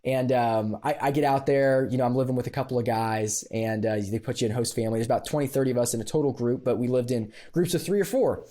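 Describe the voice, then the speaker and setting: Mellow-voiced man telling a lively story. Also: mid-range voice, quick pace, few pauses. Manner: animated storyteller, laughs often, many fillers. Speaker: podcast guest. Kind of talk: casual storytelling chat.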